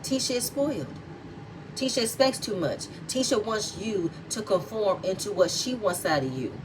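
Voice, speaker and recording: Woman going off in her reality show recap, blunt and cussing, kinda far from the mic, a bit of noise behind. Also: on the low side. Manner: blunt, heated and profane. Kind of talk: opinionated commentary vlog.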